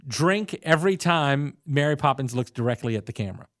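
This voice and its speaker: A man co-hosting a casual podcast, telling stories in an animated way. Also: medium pitch, fairly quick, no room sound, clean studio sound. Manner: storytelling, animated. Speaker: podcast co-host.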